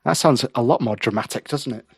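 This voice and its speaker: A man chats as a podcast guest in an easy, mid-pitched voice. He laughs often, and his replies slip into mock indignation when he is teased. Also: a little fast, creaky, husky. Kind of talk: casual podcast chat.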